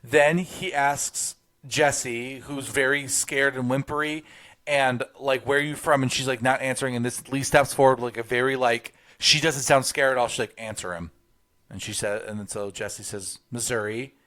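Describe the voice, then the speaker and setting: A man's voice: mid-range voice, steady tone, moderate pace, sharp tone. A man co-hosting a podcast, walking through a movie scene step by step and quoting the characters. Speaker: podcast co-host. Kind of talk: casual film review chat.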